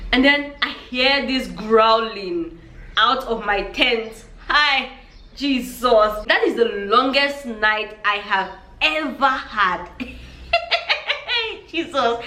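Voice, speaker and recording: A woman vlogger telling a story in a lively storytime vlog, acting out her own reactions as she goes. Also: fairly high pitch, reverberant.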